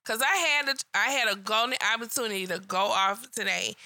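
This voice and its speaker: A woman's voice: fairly high pitch, brisk, sharp tone, dry recording. A woman co-hosting a casual live chat, telling blunt, profane work stories. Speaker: co-host. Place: live online stream.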